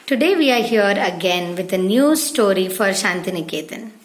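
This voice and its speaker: A woman preschool teacher narrating a story for young children, clear and gentle, speaking to them directly. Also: mid-range voice, animated, normal speed.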